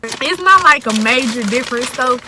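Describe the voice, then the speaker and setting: Young woman vlogger, slangy and chatty, a touch high, phone at arm's length, street noise behind. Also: expressive, moderate pace. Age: young adult. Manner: chatty, slangy, talks straight to viewers. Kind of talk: casual vlog to camera. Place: outdoors on city streets and in a car. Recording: noisy street recording with traffic.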